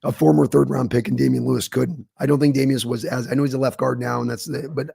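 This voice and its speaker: A man co-hosting a casual podcast chat, his voice going hoarse, talking confidently through his analysis with filler ums. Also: mid-range voice, little pitch movement, fast, dark tone, no echo, studio quality. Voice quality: gravelly, husky. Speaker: co-host.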